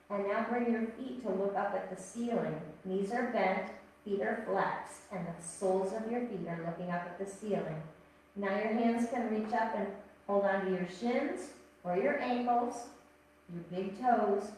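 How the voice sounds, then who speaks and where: A woman teaching a yoga class, giving calm, gently paced cues and counting breaths. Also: mid-range voice, a little hiss or hum. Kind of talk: guided yoga instruction. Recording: echoey room, voice from a distance.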